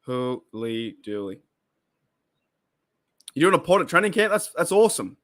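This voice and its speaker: Aussie guy hosting a live stream, bright tone, reacting to chat comments and laughing. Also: sits high, animated, racing. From Australia. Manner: chatty, exclaims and laughs at comments, repeats himself. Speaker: podcast host reading live chat.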